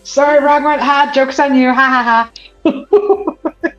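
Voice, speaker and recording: A woman's voice: high-pitched, steady tone, moderate pace, highs cut off, faint music behind. A woman hosting a paint-and-chat live stream who laughs often and fumbles a little with the setup. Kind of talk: casual chat.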